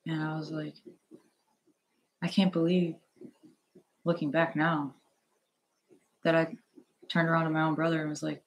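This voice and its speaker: A man's voice: a little high, darkish tone, slightly rough, low-quality recording. A young man in a personal vlog, talking in a nervous, hesitant, rambling way, full of fillers and restarts, recorded on an earphone headset at home. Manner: halting, rambling, filler-heavy. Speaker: vlogger.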